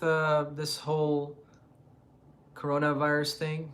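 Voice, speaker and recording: A man's voice: mid-range voice, unhurried, fairly bright tone. A man from Jordan and Palestine hosting a casual Quran talk, thinking aloud with many fillers and restarts. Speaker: religious channel host. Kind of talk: casual live chat and Quran commentary.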